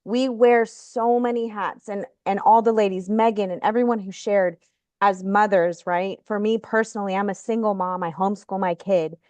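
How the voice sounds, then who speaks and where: A woman speaking as a guest on a video call, earnest and measured. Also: medium pitch, steady tone, a little mellow, no room sound. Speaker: guest insurance agent. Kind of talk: casual chat.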